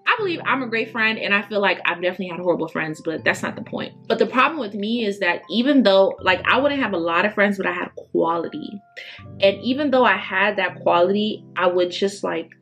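A woman's voice: mid-range voice, a bit bright. A woman in her early twenties chatting casually to camera as a beauty vlogger, emphatic and full of fillers. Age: 20s.

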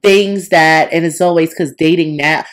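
A woman's voice: low voice, fairly even intonation, moderate pace. A woman on a podcast answering in casual chat, reflective and drawn out. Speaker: podcast co-host.

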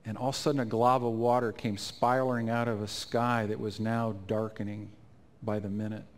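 A man telling an emotional personal testimony in a sermon at a conference, his voice climbing high and loud at the peaks. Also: level tone, fairly quick. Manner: emotional storytelling, rising to near-shouts at climaxes. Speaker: conference speaker. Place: conference stage.

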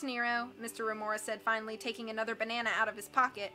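A woman's voice: a little high, soft background music. A woman reading a children's novel aloud, switching into character voices and sometimes stumbling over words. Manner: lively, animated reading with quick character voices and occasional slips. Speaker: audiobook reader.

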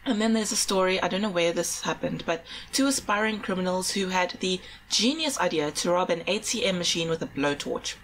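A woman's voice: lowish voice, fairly quick, few pauses, a bit bright, a little hiss or hum, poor audio. A woman from South Africa co-hosting a podcast, telling stories in casual chat and often laughing. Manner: chatty, giggly, often breaks into laughter. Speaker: podcast co-host.

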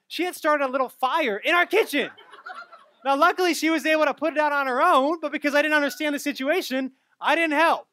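A young adult man giving a sermon as a pastor, telling stories in an animated way that rises and gets louder at the punchlines. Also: very high-pitched, fast talker, no room sound. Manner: animated storytelling, rising loud at punchlines.

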